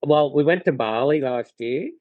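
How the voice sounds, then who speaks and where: An Australian man guesting on a podcast, telling stories in a relaxed way with many fillers and restarts. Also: medium pitch, moderate pace, no room sound, narrow, tinny audio. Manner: laid-back storyteller, lots of fillers and restarts. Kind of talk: casual chat.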